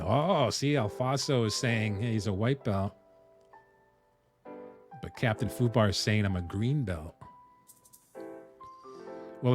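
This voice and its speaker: A relaxed man from the Northeastern US talks casually on a live stream, thanking viewers and pausing often to think aloud. His voice sits fairly low, and faint music plays behind him. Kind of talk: casual live-stream chat while coding.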